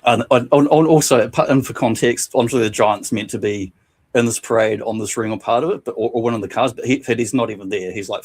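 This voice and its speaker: A man co-hosting a casual podcast, reading and retelling funny anecdotes from a book, laughing often and doing quick voices for quotes. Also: mid-range voice, slightly rough. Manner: laughs often while telling stories, animated voices for quotes. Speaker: podcast co-host.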